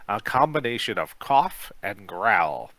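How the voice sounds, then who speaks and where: A man, a podcast co-host, reading a kids' adventure book aloud, lively, with joking asides. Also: on the low side, slow pace, no room sound, low-quality recording.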